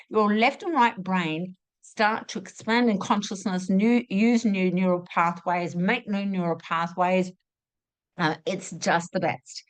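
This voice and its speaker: A woman giving a spiritual teaching talk, asking rhetorical questions and acting out inner voices in an expressive way. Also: fairly low pitch, moderate pace. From Australia.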